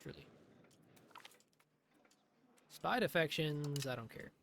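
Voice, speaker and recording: A man's voice: on the high side, animated, slow, creaky, a bit bright, slight background noise. A man doing live commentary on his own strategy game, talking to himself in a sarcastic, swearing way. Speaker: streamer.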